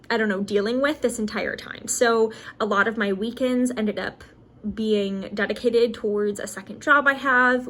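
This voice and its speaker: A woman's voice: a little high, a bit bright. A woman in her twenties, a graduate student, talking candidly to the camera in a casual study vlog, chatty and full of fillers and self-corrections. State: briefly emotional.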